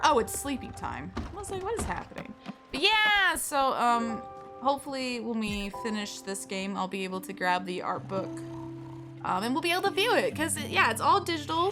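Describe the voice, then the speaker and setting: With game music in the background, a woman streams a video game live, chatting casually, losing focus easily and switching to high baby talk for her cat.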